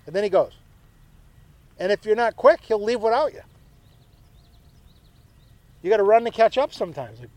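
A man's voice: high-pitched, normal speed, long pauses, a little mellow, no echo. A male pastor preaching a sermon in a conversational way, with joking asides to his congregation.

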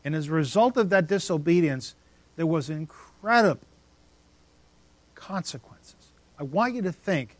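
Emphatic preacher man, higher voice. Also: dry recording. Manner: emphatic, rising and dropping to near silence for effect. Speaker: pastor. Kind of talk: sermon.

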